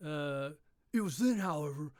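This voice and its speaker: Guy streaming a spooky classic read-aloud, kinda high voice, dry close sound, goofs off between lines. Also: expressive, moderate pace, dry recording. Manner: playful, breaks off to riff and try silly voices. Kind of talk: live-streamed reading with chat banter.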